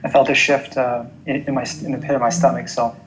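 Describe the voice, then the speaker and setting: A woman on a call, speaking softly and hesitantly with many fillers. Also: rumbling low, level tone, quick pace, slight background noise, rough recording. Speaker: podcast guest being read. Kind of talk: casual chat.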